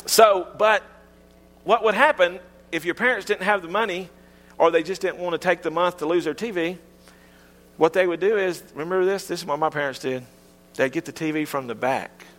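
A middle-aged man preaching a sermon in a folksy, humorous storytelling manner. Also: in a large hall. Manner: folksy, humorous storytelling with lively pitch swings. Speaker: pastor.

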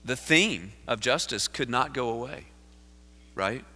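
A man, a pastor preaching a sermon in a church, moving from earnest storytelling to forceful preaching. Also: mid-range voice, expressive, unhurried. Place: church sanctuary. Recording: live sermon in a reverberant sanctuary.

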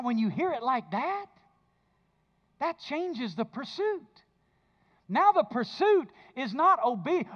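A man preaching a sermon, moving between low intimate speech and loud emphatic bursts. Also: lo-fi sound. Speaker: pastor.

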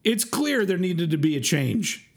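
Animated, exasperated ranting man. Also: high-pitched, a little slow, creaky. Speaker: podcast co-host. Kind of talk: casual music review chat.

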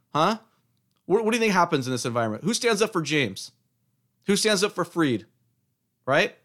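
A man's voice: a little high, fairly bright tone. A middle-aged man hosting a solo podcast, taunting and challenging his listeners in a combative monologue. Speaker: podcast host.

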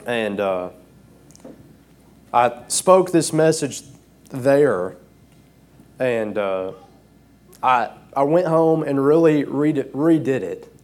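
A man's voice: mid-range voice, lively intonation, darkish tone. Emotional guy preaching on a church stage, earnest, lots of uhs, plain mid voice. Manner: earnest, halting with frequent fillers. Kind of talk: informal sermon.

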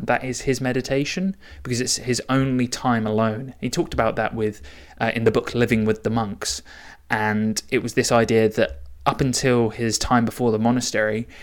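Casual, rambling man hosting a solo podcast. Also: mid-range voice. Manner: casual and rambling, with frequent restarts and an excited edge. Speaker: podcast host.

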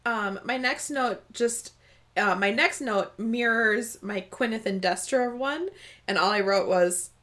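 A woman's voice: a little high, a little slow, fairly bright tone. A woman co-hosting a casual book discussion, giggly and enthusiastic as she goes through her notes. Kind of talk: casual chat.

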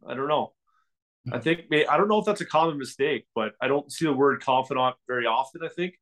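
A man's voice: medium pitch, quick pace, a bit bright. A man co-hosts a podcast in easygoing conversation. He rambles, circling back and restarting his sentences, with filler words throughout. His voice sits in a medium register. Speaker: podcast co-host. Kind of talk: casual chat.

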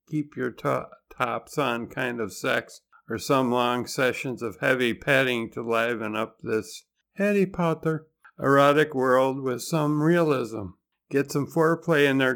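A man's voice: mid-range voice, vocal fry, fairly bright tone. A man hosting a podcast, narrating in a conversational way with dry, wry humor. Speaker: podcast host.

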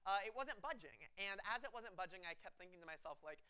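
A young man, a student pastor, preaches in a lively, storytelling way, laughing often and filling gaps with fillers. His voice sits high and bright. Every word comes through clean and crisp. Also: fast. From Texas. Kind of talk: humorous sermon storytelling. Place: church before a live congregation.

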